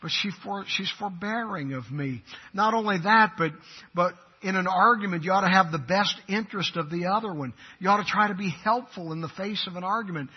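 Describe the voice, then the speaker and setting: A man preaching a sermon as pastor, swinging from loud, emphatic declarations to quiet, intimate asides. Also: sits high, a little fast, slightly rough, muffled recording.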